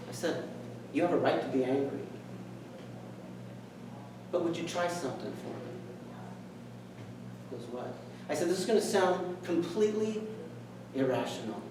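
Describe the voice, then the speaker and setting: A middle-aged man speaks at a meeting, earnestly reflecting on a personal story and performing the dialogue as he tells it. His voice is a little high with a darkish tone. Captured by a distant mic in the echoey meeting hall, it carries a little hiss or hum.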